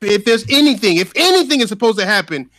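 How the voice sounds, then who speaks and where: Man, podcast host, high voice, quick pace, casual slangy chat, repeats himself. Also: very animated, a bit bright, no echo.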